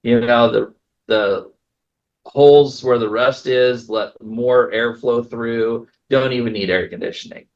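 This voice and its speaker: Man doing a grown son, blunt and dismissive, gravelly, lo-fi sound. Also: mid-range voice, fairly even intonation, a little slow, lightly acted. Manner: joking, dismissive. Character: grown son, blunt co-trustee refusing his mother. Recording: dull lo-fi recording.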